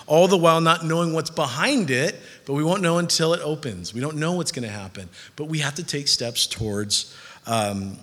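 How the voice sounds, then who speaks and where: A man's voice: on the high side, bright, forceful tone. A man preaching a sermon in a casual, conversational way, acting out listeners' voices. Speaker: pastor. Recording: hall reverb.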